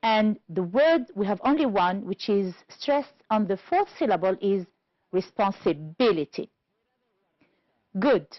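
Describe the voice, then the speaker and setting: A woman from Algeria teaching an English lesson on television, speaking slowly and clearly and stressing each word for learners. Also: mid-range voice, animated, no room sound, highs cut off. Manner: slow, clear teacherly delivery, stressing words.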